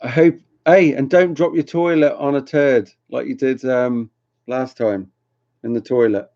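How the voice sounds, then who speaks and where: Slow, mellow man on a livestream. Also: mid-range voice, fairly even intonation. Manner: rambling, chatty, laughs often, teases viewers. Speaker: livestream host reading chat. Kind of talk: casual live chat with viewers. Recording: dull lo-fi home stream audio.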